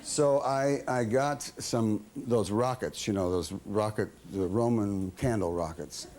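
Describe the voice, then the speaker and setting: A man's voice: lowish voice, a little slow, darkish tone, a little hiss or hum. A man in his sixties, a talk show guest from the American South, telling self-deprecating stories with a chuckle. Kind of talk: casual anecdotes. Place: TV studio with audience.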